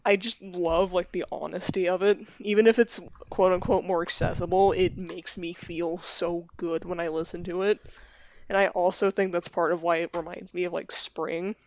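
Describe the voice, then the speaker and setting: A woman's voice: on the low side, steady tone, moderate pace, darkish tone, dry recording, lo-fi sound. A young adult woman, a guest on a casual podcast, talking earnestly and rambling a little with plenty of "like".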